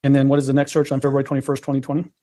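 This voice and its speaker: A man's voice: mid-range voice, completely flat delivery, rapid-fire, warm tone. A man acting as prosecutor in a courtroom, asking a witness a string of formal, repetitive questions.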